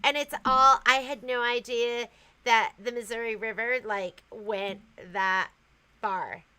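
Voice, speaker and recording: A woman's voice: a little high, fairly even intonation, takes it slowly, bright, forceful tone, clean tone, poor audio. A woman hosting a casual livestream, chatting loosely and reading viewer comments aloud, often trailing off and restarting. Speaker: livestream host.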